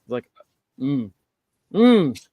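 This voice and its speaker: Relaxed man recapping wrestling, dry sound. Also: mid-range voice, extremely slow, no echo. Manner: relaxed, recaps the show, laughs often. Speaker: podcast co-host.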